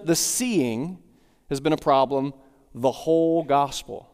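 A man's voice: mid-range voice, unhurried, a little mellow, clear, resonant tone. A man preaching an expository sermon, walking through a text verse by verse and circling back with repeated phrases. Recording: long hall reverb.

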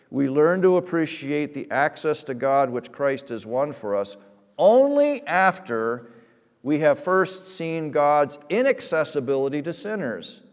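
A man with a slightly high voice preaches a sermon, his delivery swinging between loud, stretched-out emphasis and soft asides. His words ring on in the long reverb of a large hall. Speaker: pastor.

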